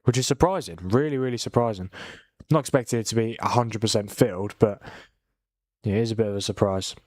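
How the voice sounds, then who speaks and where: A man's voice: lowish voice, a little fast, a little mellow, no echo, studio quality. A tired young man hosting a live football watchalong, chatting casually and yawning between restarts. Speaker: watchalong host.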